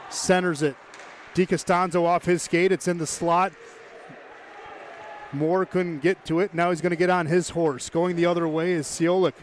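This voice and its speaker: Man, hockey play-by-play commentator, brisk, chatty, slightly high voice, faint background noise. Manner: brisk, chatty, joking asides with the chat.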